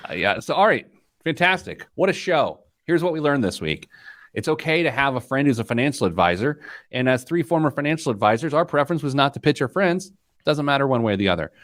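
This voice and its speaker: A man hosting a money podcast in casual chat, joking and animated. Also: medium pitch, no room sound, clean studio sound. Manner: joking, animated, quick asides. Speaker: podcast host.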